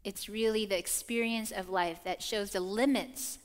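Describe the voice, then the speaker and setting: A young adult woman preaching a sermon, telling personal stories in an animated way and acting out quotes. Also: mid-range voice, moderate pace. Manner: animated storytelling, acts out quotes. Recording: long reverb of a church hall.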